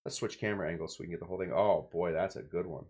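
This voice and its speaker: A man's voice: deep voice, steady tone, rapid-fire, a little mellow, breathy edge. A man from California hosting a casual cocktail-making video, talking in a rambling, jokey way with playful asides. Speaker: cocktail show host.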